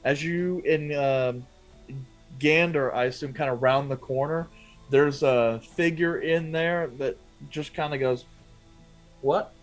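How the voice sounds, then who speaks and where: A man running a tabletop game as game master talks slowly and hesitantly, with many fillers. Faint music plays behind him. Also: a little high.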